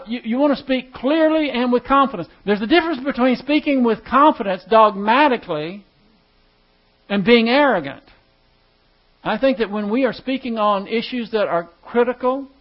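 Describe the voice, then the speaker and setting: A man teaching a class in a conversational way, putting questions to his listeners. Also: extremely high pitch. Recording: dull lo-fi recording.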